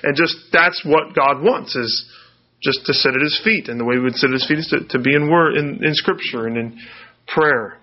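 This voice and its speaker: A man's voice: fairly high pitch, normal speed. A man from the United States preaching a conversational sermon, asking rhetorical questions and often restarting his sentences. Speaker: pastor. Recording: dull lo-fi sound.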